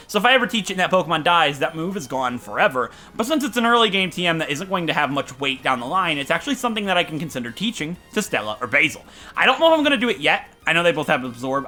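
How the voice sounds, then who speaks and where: Male let's-play host, slightly high, animated delivery, eager and rambling. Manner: chatty, enthusiastic, rambling. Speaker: gaming commentator. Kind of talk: casual let's-play commentary.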